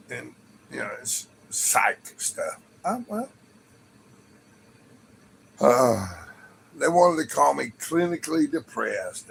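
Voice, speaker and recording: A man's voice: medium pitch, vocal fry, fairly bright tone, slight background noise, poor audio. A man livestreaming from home, telling a rambling story to viewers and laughing often. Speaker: livestream host.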